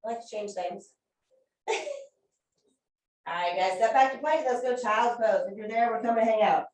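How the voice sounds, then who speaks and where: Leading a core workout, this woman instructor gives cheerful, supportive, talkative cues at a moderate pace. Her fairly high voice sounds a little mellow, captured from far off in an echoey room with slight background noise.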